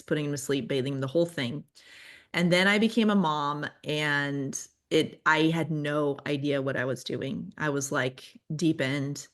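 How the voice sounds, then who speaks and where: Low-voiced candid woman. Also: fairly bright tone. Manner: candid, self-deprecating storyteller. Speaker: children's ministry director, guest. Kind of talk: casual conversation.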